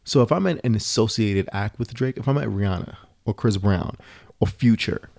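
A man's voice: fairly low pitch, moderate pace, creaky, darkish tone, no room sound, clean studio sound. A man co-hosting a podcast in a casual, opinionated chat, rambling with lots of fillers. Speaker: podcast co-host.

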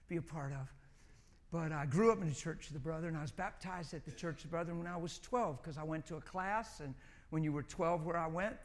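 A middle-aged man preaching, telling a personal story in an animated way and often repeating words. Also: high voice. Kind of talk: sermon.

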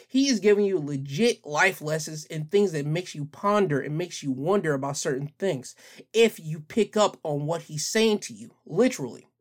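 Young male vlogger, opinion commentary, emphatic, repeats for stress. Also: high voice.

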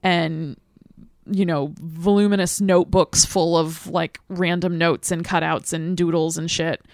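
A woman's voice: fairly low pitch, fairly even intonation, unhurried, no room sound, studio quality. A woman talking casually about a movie as a podcast co-host, chatty and full of "like" fillers. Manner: chatty, filler-heavy with frequent "like".

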